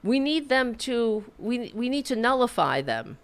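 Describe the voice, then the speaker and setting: A woman's voice: a little high, sing-song, a little slow. Profane ranting woman podcast host. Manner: angry, profane, repetitive ranting. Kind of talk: political commentary rant.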